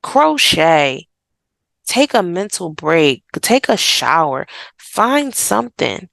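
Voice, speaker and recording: Gravelly-voiced woman therapist, dry close sound. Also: fairly low pitch, very animated, slow, fairly bright tone, no room sound. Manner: direct and conversational, slipping into quoted voices. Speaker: therapist and podcast host; mother. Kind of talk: casual advice monologue.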